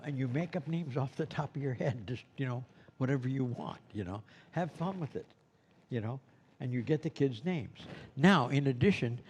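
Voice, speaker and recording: Male instructor, mid-pitched, casual and rambling, teaching a room of students. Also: mellow, slight background noise. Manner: rambling and conversational, with many "you know"s. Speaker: instructor at a school for Santas. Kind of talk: teaching a class. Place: classroom with students present.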